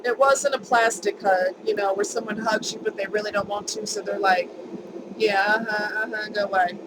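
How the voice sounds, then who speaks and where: A woman's voice: medium pitch, steady tone, brisk, noisy background. A woman vlogger telling a personal story in a chatty, emphatic way, repeating words for stress.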